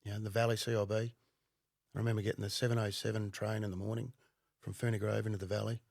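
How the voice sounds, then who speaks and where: A man's voice: on the low side, little pitch movement, quick pace, gravelly, darkish tone, no echo, studio quality. A man with an Australian accent telling stories on a podcast in a blunt, profane way, laughing often. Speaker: podcast guest, former undercover cop. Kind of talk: casual storytelling.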